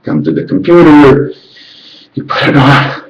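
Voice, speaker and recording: A man's voice: animated, a little slow, lo-fi sound. Rambling man in an echoey room. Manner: rambling, rhythmic counting and chanting, sudden jumps in pitch. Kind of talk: rambling monologue.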